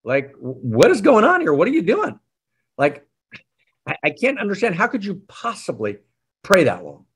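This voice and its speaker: A man's voice: a little high, huge pitch swings, moderate pace, a bit bright, breathy edge, voice pushed up, full character voice. A man doing an exasperated old rabbi. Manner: flustered, demanding. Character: exasperated older male rabbi, great teacher.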